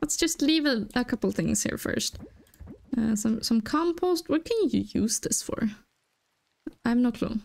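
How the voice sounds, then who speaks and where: A young woman casually talking through a farming video game, chatty, giggling and easily excited. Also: on the high side, unhurried, creaky. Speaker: gaming channel host. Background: faint game music.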